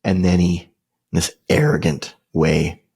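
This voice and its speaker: Telling a personal story on his podcast, a middle-aged host speaks in a deep, gravelly, husky voice with a darkish, unpolished tone. He's very animated but unhurried, wandering loosely through fillers and false starts.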